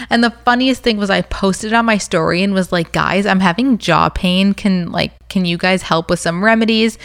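A woman's voice: lowish voice, creaky, a bit bright, no room sound, clean studio sound. A young woman hosting a podcast in a casual, chatty way, full of "like" and "um," candid and conversational. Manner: chatty, filler-heavy, candid. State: pregnant. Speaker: podcast host. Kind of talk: casual chat.

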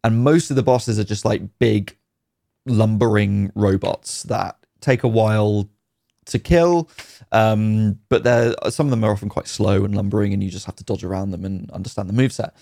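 A man's voice: fairly low pitch, normal speed, creaky, dark tone, no echo, clean studio sound. A man co-hosting a casual podcast chat, talking in a rambling, enthusiastic way about games with frequent ums. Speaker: podcast co-host.

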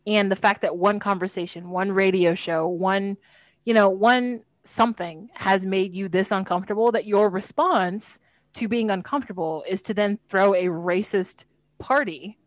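A woman speaks emphatically in a casual discussion, restarting her sentences and using many fillers. Her voice sits at a middle pitch. The sound is dry, with no room echo. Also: moderate pace.

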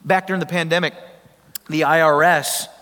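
Man, pastor, conversational emphatic sermon, fairly high voice, long hall reverb. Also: fairly even intonation, moderate pace, pushed and bright. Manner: conversational preaching, emphatic, asks the congregation questions.

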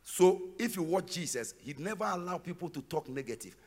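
A man with a Ghanaian accent preaching a sermon in church, breaking into shouts and sing-song cadences. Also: a little high, lively intonation, fairly quick. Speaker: pastor.

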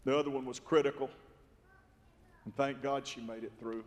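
A male pastor preaching a sermon, swinging from soft, quiet storytelling to dramatic shouting. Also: mid-range voice, fairly even intonation, moderate pace. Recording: long reverb from a big hall.

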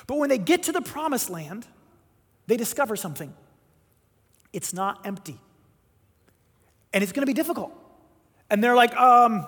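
A man preaching a sermon, telling a story with animated, emphatic delivery and voiced quotes. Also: very high voice. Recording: long hall reverb.

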